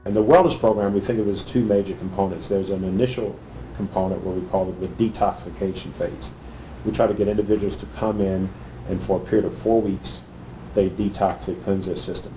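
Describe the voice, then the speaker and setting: A man, a cardiologist, answering interview questions in a measured, thoughtful way with frequent pauses and fillers. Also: low-pitched, fairly even intonation, warm tone, reverberant, a little hiss or hum.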